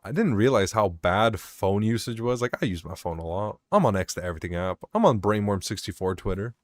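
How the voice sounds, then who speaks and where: A man's voice: fairly low pitch, lively intonation, brisk, dry recording, studio quality. A young man rambling and swearing as he vents about work over his gameplay commentary. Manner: rambling, swearing, venting, self-mocking. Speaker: gaming vlogger.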